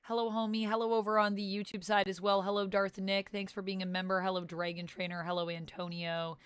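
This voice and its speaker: A young woman from Canada chats with her stream audience, greeting viewers one by one. Her voice is smooth and clear, and the sound is dry and close. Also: medium pitch, little pitch movement, fairly quick, no room sound. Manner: chatty, greets viewers by name. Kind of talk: casual livestream chat.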